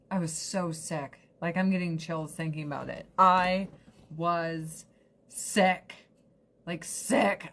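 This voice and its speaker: A US vlogger in her thirties rambles casually to the camera, swearing now and then. Her voice is fairly low in pitch with a fairly bright tone.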